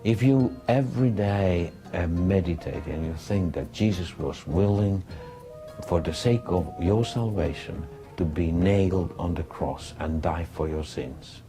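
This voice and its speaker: A man interpreting a religious testimony into English, speaking earnestly in halting phrases that he often corrects as he goes. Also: low voice, music in the background.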